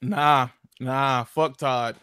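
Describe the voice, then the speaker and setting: A man's voice: medium pitch, steady tone, extremely slow, sharp tone, smooth, no room sound. A man, animatedly retelling a video game story in casual chat, full of slang and profanity. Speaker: gaming podcast co-host.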